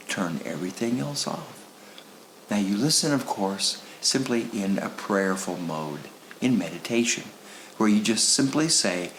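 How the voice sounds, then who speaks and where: A man preaches a sermon in a low, gravelly voice. He keeps it conversational and leans on rhetorical questions. The sound is echoey, with faint room ambience behind him. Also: expressive, moderate pace, a bit bright, a little hiss or hum. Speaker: pastor. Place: church sanctuary.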